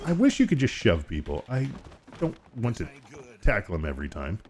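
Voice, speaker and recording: A man's voice: on the low side, huge pitch swings, a little fast, darkish tone, slight background noise. A man streaming a game and chatting casually, joking and swapping into silly voices. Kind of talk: casual gaming stream chat.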